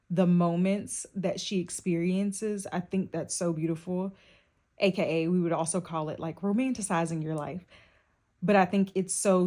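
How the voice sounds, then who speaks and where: A young woman, chatting casually to her viewers in a vlog. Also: on the low side. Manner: chatty, warm address to viewers with lots of y'all. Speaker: vlogger. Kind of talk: casual vlog chat to camera.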